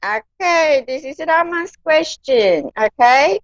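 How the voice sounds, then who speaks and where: A woman giving a gentle live-stream psychic reading, calling her listener darling. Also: high voice, animated, slow pace, over a noisy crowd. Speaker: psychic card reader. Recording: dull lo-fi dry sound.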